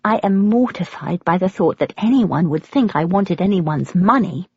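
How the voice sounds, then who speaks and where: A woman with an English accent narrating a memoir audiobook in a measured, expressive storytelling manner. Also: fairly low pitch, breathy edge, no room sound, highs cut off.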